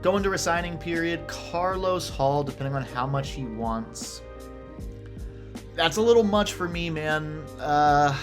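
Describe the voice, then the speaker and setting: A man casually commentating his own football video game session, reacting loudly to plays and talking to the players on screen. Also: medium pitch. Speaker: gamer playing a football video game franchise. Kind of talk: casual let's-play commentary. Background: game music.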